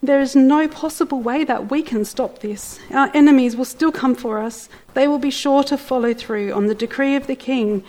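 A woman's voice: high-pitched, normal speed, few pauses, mellow, pitched above the performer's own voice, close to an everyday voice, low-quality recording. A woman voicing a frightened but brave young queen, speaking in an earnest, pleading way. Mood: anxious.

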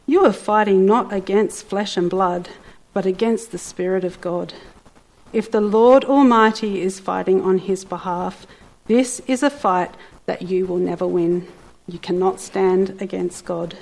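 Storybook wife, wise, blunt, calm and firm, read by a woman. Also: mid-range voice, measured pace, gravelly. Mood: stern.

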